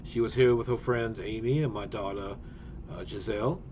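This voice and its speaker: A man voicing a polite middle-aged male diner manager with a Georgia drawl, answering slowly with fillers. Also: on the low side, fairly even intonation, a little mellow, muffled recording, slight background noise, lightly acted. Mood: obliging. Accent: Southern US, Georgia.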